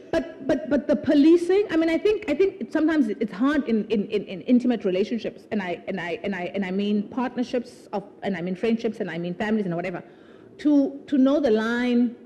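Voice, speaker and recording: Her pitch fairly high and swinging widely, a woman author talks at a moderate pace with a warm tone. She's chatting animatedly to a live festival audience at her book launch, laughing a lot and repeating words as she restarts sentences, with a little hiss or hum in the recording.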